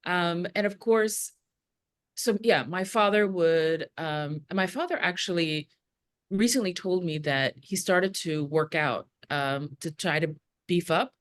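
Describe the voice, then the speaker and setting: A woman's voice: lowish voice, measured pace. A woman from the former Soviet Union, a guest on a podcast, earnestly telling family stories and repeating words as she explains. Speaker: podcast guest, Jewish educator. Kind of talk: conversational storytelling.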